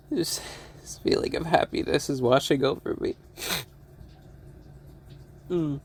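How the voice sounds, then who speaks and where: A tearful man talking through an emotional personal monologue, halting and repeating himself, with laughs and sighs between his phrases. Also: fairly high pitch, darkish tone, slight background noise.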